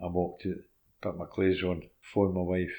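An older Scottish man with a fairly low voice spins lively anecdotes in a relaxed interview. He acts out the old exchanges and laughs as he goes. He talks like a former footballer looking back on his career. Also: moderate pace, narrow, tinny audio. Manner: animated anecdotes, laughs while telling, drops into quoted dialogue. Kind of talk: casual interview storytelling.

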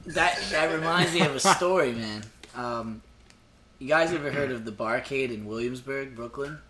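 A man's voice: medium pitch, moderate pace, roomy sound, a loud crowd. A man on a casual podcast telling a story and acting out the quotes with energy. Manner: animated storyteller, acts out quotes. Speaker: podcast host.

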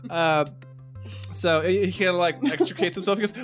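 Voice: mid-range voice, fairly even intonation, normal speed, music in the background. A game master narrating a tabletop game in a loose, rambling way full of fillers. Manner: casual, rambling, lots of fillers and laughter.

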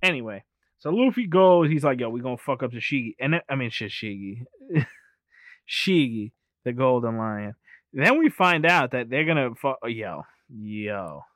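A man's voice: medium pitch, very animated, measured pace, fairly bright tone, no room sound. A man in casual, profane chat, rambling through a movie recap and laughing often. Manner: rambling, laughs often, keeps saying anyway.

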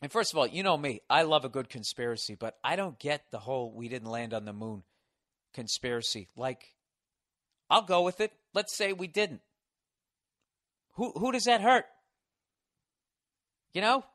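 A man's voice: a little high, big pitch swings, normal speed, pauses often, a bit bright. Profane ranting man in his forties. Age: 40s. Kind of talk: comedic rant.

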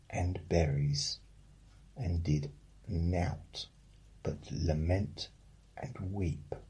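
A man with a deep, gravelly voice reads a fairy tale at an unhurried pace. His tone is husky and rough, and he drops in deadpan comic asides. The delivery feels like a bedtime story with a wink. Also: rough recording. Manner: deadpan, joking.

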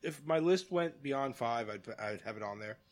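A man's voice: mid-range voice, expressive, moderate pace. A man hosting a podcast in casual chat, playful, laughing often and swearing casually. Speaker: podcast host.

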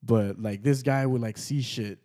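A man's voice: mid-range voice, unhurried, warm tone. A young man hosting a podcast, casually telling a story with many fillers and frequent swearing. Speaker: podcast host.

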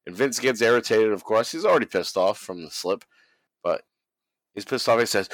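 A man's voice: on the low side, normal speed, no room sound, poor audio. Profane laughing man with a dry sound. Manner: mimics people he quotes. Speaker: podcast host. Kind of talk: casual chat recapping wrestling.

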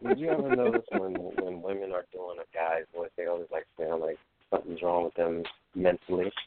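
Very deep, gravelly male co-host with dry wisecracks, tinny line. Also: very animated, fairly quick, a crowd in the background. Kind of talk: casual panel chat. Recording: tinny phone-like online call.

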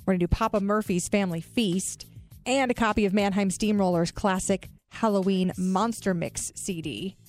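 A woman co-hosting a morning radio show, bubbly and quick to laugh, talking into a studio microphone. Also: mid-range voice, darkish tone, soft background music. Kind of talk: upbeat morning radio chat.

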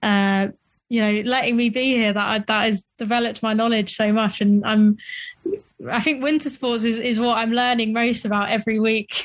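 A woman's voice: on the high side, dry recording. A young woman co-hosting a podcast, chatting in a friendly, hesitant way with many fillers. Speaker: podcast co-host. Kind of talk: casual podcast chat.

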